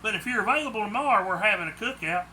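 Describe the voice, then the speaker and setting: A man doing a bright folksy southern neighbor. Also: high voice, animated, racing, a little hiss or hum, exaggerated voice. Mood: friendly.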